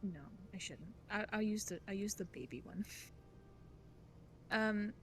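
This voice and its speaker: A woman's voice: medium pitch, a little slow, a little hiss or hum. A woman playing a tabletop game, chatty and giggly, with lots of fillers. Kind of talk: casual chat while playing.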